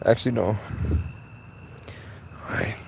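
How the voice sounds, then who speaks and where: A man talks slowly over background noise, livestreaming outdoors at night during a work break on a phone mic. He chats with a cat in a casual, playful, teasing way, full of crude jokes and mock-mystical talk.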